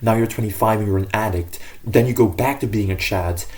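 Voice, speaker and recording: A man's voice: fairly low pitch, fairly quick. A man giving casual self-improvement advice to camera in an earnest, rambling way, often correcting himself mid-sentence.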